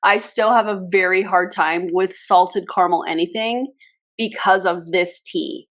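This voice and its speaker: A woman's voice: fairly low pitch, steady tone, a little slow. Sarcastic woman laughing through reaction commentary. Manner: sarcastic, laughs often, frank asides. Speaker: channel host reacting to an old clip.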